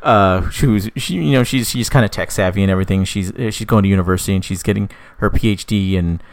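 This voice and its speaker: Young man on a podcast, lowish voice, dry close sound, rambling pitch full of fillers and swearing, casual chat. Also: fast talker, no room sound. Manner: rambling, profane, lots of fillers. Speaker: podcast co-host pitching a story idea.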